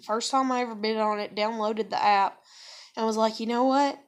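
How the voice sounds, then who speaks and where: A woman's voice: a little high, little pitch movement, normal speed. Profane young woman ranting to camera. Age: young adult. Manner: profane, ranting, frequent sighs. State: upset and bitter. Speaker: vlogger. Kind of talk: emotional monologue to camera.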